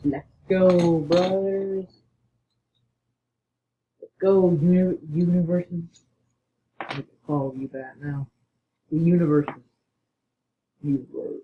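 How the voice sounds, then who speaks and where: A man giving excitable gaming commentary, bursting into panicked yelling and muttering asides under his breath. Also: on the high side, slow, pauses often. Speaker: gamer. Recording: tinny phone-like mic with faint hiss.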